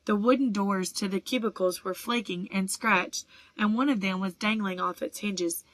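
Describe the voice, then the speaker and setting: A woman narrates an audiobook at a middle pitch, in a steady storytelling manner. The recording is dry and close, with no room echo. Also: moderate pace. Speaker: audiobook reader.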